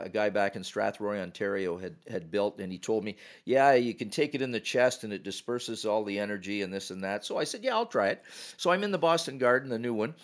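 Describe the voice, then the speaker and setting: An older man from Canada, a retired hockey referee and podcast guest, telling stories in a lively way and acting out quotes. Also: medium pitch. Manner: animated storyteller acting out quotes. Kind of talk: podcast storytelling.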